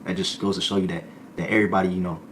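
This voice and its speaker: A man's voice: low-pitched, level tone, racing, a little hiss or hum. A man telling a story in a casual, slangy way, now and then acting out other people's voices.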